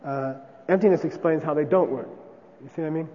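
A man's voice: a little high, fast talker, long reverb tail, highs cut off, slight background noise. A man teaching a class casually, often checking with "okay?" and demonstrating chants aloud.

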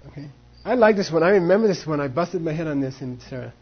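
High husky guy teaching a debate class, plays both sides, muffled lo-fi recording. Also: quick pace. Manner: lively, acts out both debaters, mixes in Tibetan phrases. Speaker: Buddhist philosophy teacher.

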